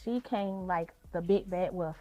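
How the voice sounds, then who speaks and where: A young adult woman, a podcast guest, retelling a painful personal story in vivid, animated detail. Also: on the low side, unhurried, faint music behind.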